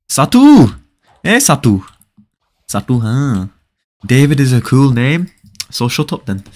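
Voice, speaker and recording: A young man livestreaming a game, reading viewer comments aloud and answering them with playful teasing, often repeating short phrases in quick bursts. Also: on the low side. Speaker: live game streamer. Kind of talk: casual live-stream chat.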